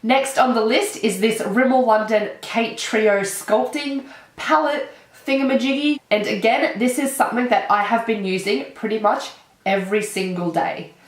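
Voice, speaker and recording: A young woman with an Australian accent, talking casually as a beauty vlogger, her voice nasal from a cold and her manner bubbly and excitable. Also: on the high side, normal speed. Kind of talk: casual chat. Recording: echoey room.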